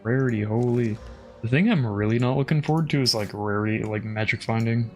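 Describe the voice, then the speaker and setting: A man's voice: mid-range voice, a little fast, faint music behind. A man casually commenting on his game as he plays, thinking aloud, swearing often and trailing off with fillers. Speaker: streamer.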